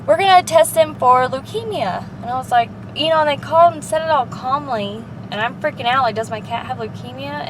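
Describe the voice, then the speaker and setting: A young woman casually telling a story in a vlog, filler-heavy and chatty, recorded in a car. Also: fairly high pitch. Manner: chatty, says "like" a lot. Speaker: vlogger. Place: car, sister holding camera. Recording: distant mic with loud road noise.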